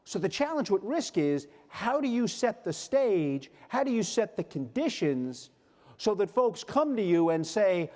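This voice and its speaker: An older man with a fairly high voice delivers a motivational keynote to a large audience. He tells stories and briefly acts out the voices of the people in them. His words ring out with a long reverb through the hall. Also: big pitch swings, a little slow, mellow. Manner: storytelling, acts out quoted voices. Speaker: keynote speaker. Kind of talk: motivational speech.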